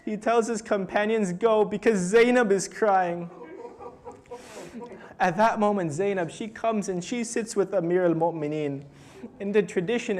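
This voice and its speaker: A young man delivering an emotional religious sermon, retelling a tradition and building to loud, pleading intensity. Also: sits high. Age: young adult. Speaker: speaker at a mourning gathering.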